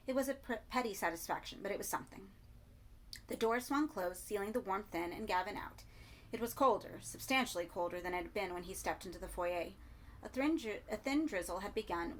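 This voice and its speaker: Woman reading a dark story, quiet hiss. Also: mid-range voice. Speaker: audiobook reader. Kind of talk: scripted horror narration.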